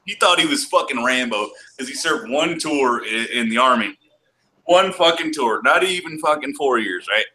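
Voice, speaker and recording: A man from Texas telling rowdy bar-fight stories in casual chat, profane and laughing, acting out quotes in shouts. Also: mid-range voice, expressive, moderate pace, low-quality recording.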